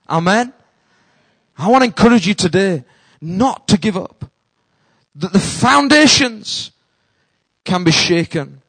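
A man preaches with a high, bright voice. His delivery swings from near-whispered hushes to loud, ringing calls. The sound is close and dry, with no room around it. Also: no echo, poor audio. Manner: preaching with sudden drops to a hush and bursts of loud calls. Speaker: pastor. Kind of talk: sermon.

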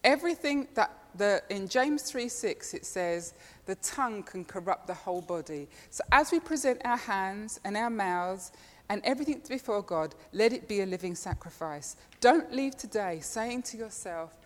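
A woman's voice: medium pitch, expressive, normal speed, big-room sound. A woman preaching a sermon, telling chatty personal stories and laughing often. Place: church.

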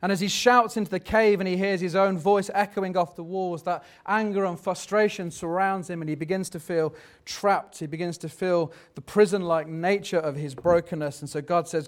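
A man's voice: sits high, fairly even intonation, normal speed, hardly any pauses. A man preaching a sermon in a reflective, conversational way, turning dramatic when he reads scripture.

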